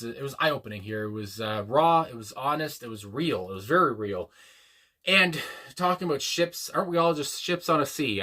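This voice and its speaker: Male reaction host, mid-pitched and bright, earnest and rambling with lots of ums. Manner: rambling, hesitant, many fillers and restarts; earnest and reflective. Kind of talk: casual spoken reaction.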